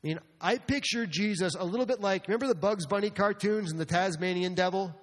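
A man with a high voice preaches to his congregation. He talks in an animated way and rises to emphatic outbursts. His voice rings with the long reverb of a church sanctuary. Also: a little fast. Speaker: pastor. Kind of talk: sermon.

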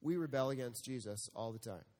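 A man's voice: medium pitch, a little fast, a little mellow, long reverb tail. A male pastor preaching a sermon, emphatic and full of rhetorical questions, sometimes acting out God's voice. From United States. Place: church sanctuary.

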